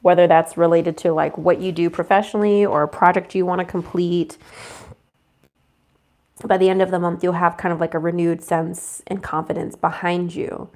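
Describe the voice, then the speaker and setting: A young woman with a slightly low voice gives a laid-back tarot reading. She sounds congested and stuffy, chatting loosely, trailing off and restarting her sentences. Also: level tone, normal speed, a little mellow. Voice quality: casual, chatty with fillers and self-corrections. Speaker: tarot reader. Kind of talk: casual tarot forecast.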